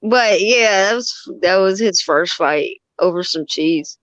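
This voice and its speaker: A woman's voice: mid-range voice, slow, fairly bright tone, dry recording. A woman chatting casually about her son, loose and talkative with slang. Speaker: parent sharing stories in chat. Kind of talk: casual chat. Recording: dry, dull lo-fi sound.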